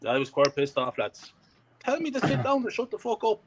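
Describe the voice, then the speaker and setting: A man's voice: high voice, a little fast, a little hiss or hum. A man, co-hosting a casual fan chat and telling heated, expletive-filled stories. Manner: swearing heavily, heated and animated storytelling. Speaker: co-host of a fan podcast.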